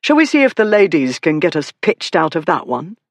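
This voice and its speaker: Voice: medium pitch, big pitch swings, a little fast, no echo. A narrator playing a reckless young duke. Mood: teasing.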